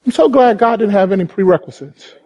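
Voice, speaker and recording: A man preaching a sermon, passionate and repetitive, building to shouts. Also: sits high, a little fast, in a large hall, highs cut off.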